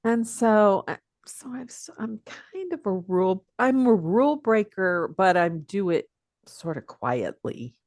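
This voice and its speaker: An older Pacific Northwest teacher chats on a podcast in a casual interview, reflective and often chuckling through her stories. Her mid-range voice has lively intonation and a slightly mellow tone, and she takes her time. Studio quality, no echo.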